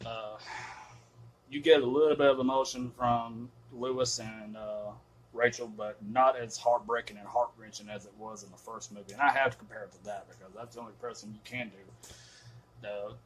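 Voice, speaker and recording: A man's voice: medium pitch, level tone, moderate pace, fairly bright tone, slight background noise, rough recording. A man giving a casual spoken film review, cursing often and rambling emphatically with many fillers. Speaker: movie reviewer.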